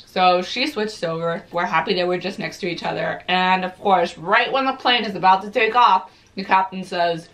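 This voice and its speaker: A woman's voice: fairly low pitch, moderate pace, few pauses, a bit bright. A young woman vlogger telling a story casually while eating, chatty and full of "like"s, swearing freely.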